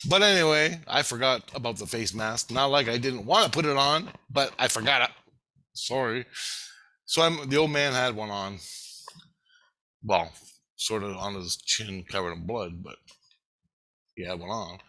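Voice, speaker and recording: Bright-voiced man rambling through a story. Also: medium pitch, normal speed, pauses often. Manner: rambling, profane, animated retelling. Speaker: vlogger. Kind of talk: casual storytelling to camera.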